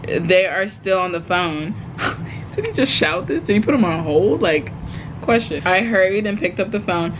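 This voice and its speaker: A woman's voice: mid-range voice, normal speed, fairly bright tone, a little hiss or hum, rough recording. A woman reading her own story aloud, breaking off with giggles and joking asides. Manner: giggly, breaks off to laugh and comment.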